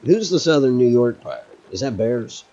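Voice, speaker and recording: A man's voice: mid-range voice, big pitch swings, moderate pace, dark tone, dull audio. A man streaming a pirate game, chatting casually with a friend, joking, swearing freely and laughing often. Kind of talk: casual chat while gaming.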